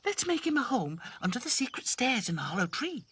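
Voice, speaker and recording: Man doing a high, gentle girl rag doll. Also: sing-song, a little fast, husky, full character voice. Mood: caring. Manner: soft, caring, pleading.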